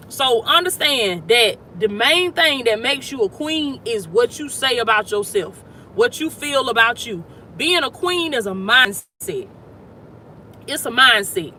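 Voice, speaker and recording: Emphatic high-voiced woman coaching outdoors. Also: expressive, unhurried, pushed and bright, a little hiss or hum. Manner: emphatic, repetitive preaching cadence. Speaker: life coach. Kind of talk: motivational talk.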